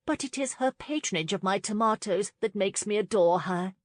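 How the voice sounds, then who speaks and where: A woman's voice: medium pitch, animated, moderate pace, no room sound, studio quality, voice pushed up, natural voice. A woman voicing a young, proper countess who stammers when flustered. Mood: lively.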